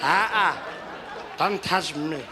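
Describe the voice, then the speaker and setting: A man's voice: on the high side, slow pace, a crowd in the background, background noise. A comedian playing an elderly statesman who is drunk at his birthday party, slurring and boisterous. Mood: tipsy rowdy. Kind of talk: stand-up impression.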